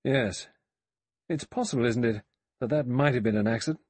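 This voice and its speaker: A man voicing a blunt, gruff middle-aged ex-policeman in an audiobook, blustering and curt. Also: mid-range voice, normal speed, darkish tone, dry recording, pitched above the performer's own voice, lightly acted. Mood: accusing. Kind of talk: audiobook character voice.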